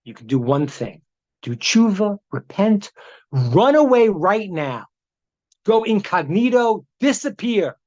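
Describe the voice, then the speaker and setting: A man's voice: high-pitched, big pitch swings, slow pace, a little mellow, heavily acted. A man voicing a wise old male sage who gives firm, earnest instructions, over dull video-call audio. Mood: urgent.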